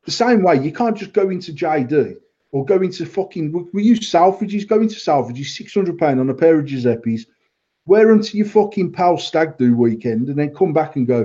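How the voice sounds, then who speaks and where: A man hosts a casual podcast chat and swears freely. His voice is dark and husky, pitched a little high. The recording sounds dull and lo-fi. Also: lively intonation, moderate pace. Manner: blunt, sweary, laughs often. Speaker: vape shop owner and podcast host.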